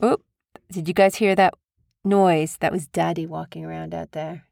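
A woman's voice: on the low side, steady tone, moderate pace, vocal fry, a little mellow, no echo, studio quality. A mother casually telling her young son a family story, chatty and rambling, acting out quotes with animation. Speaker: mother and vlogger.

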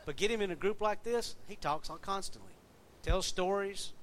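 A man preaching a sermon in a relaxed, conversational way, checking in with his listeners with questions as he goes. His voice sits slightly high. A faint low rumble hums behind him. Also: normal speed. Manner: conversational, asks the congregation questions. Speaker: pastor.

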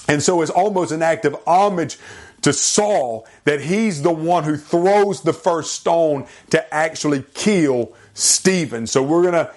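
A man's voice: a little high, a little slow, darkish tone. A man preaching a sermon, earnest and emphatic, with dramatic readings from scripture. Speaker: pastor.

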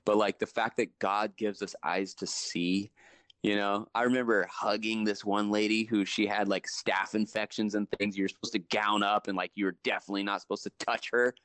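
A young man, a guest on a chat show, telling stories from his emergency-room work in an animated way, his voice climbing high when he acts out what people said. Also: normal speed, no echo. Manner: animated, jumps high when retelling dialogue. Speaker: podcast guest, ER worker. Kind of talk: casual storytelling chat.

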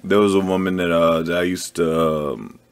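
A man in casual chat, telling a rambling anecdote with plenty of pauses and fillers. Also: low voice, fairly even intonation, clear, resonant tone. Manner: laid-back, rambling, with fillers.

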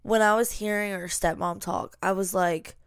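A woman's voice: mid-range voice, fairly even intonation, normal speed, smooth, dry recording, studio quality. A woman from the American South with a Southern accent, co-hosting a podcast in a chatty, rambling way. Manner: chatty, rambling, uses lots of fillers. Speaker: podcast co-host. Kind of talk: casual chat.

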